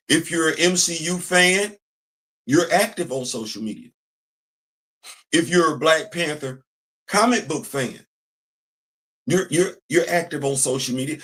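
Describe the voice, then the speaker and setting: Animated man ranting as commentary host. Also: fairly high pitch. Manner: animated, repeats phrases, preacher-like call and response. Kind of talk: casual opinion commentary.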